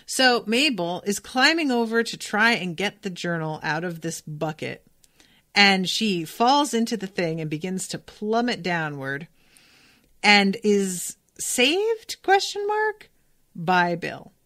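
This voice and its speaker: A woman's voice: mid-range voice, very animated, takes it slowly, pushed and bright, no echo, clean studio sound. A woman hosting a podcast, casually recapping an episode with lots of filler words and amused asides. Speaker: podcast host recapping a cartoon.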